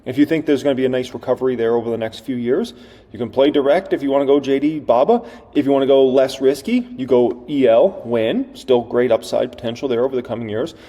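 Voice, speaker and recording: A man runs through market talk in a loose, chatty way, tossing out questions and answering them himself. His voice is mellow and relaxed. A long reverb trails behind it. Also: mid-range voice, quick pace. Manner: chatty, asks rhetorical questions. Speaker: investing YouTuber. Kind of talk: casual market commentary.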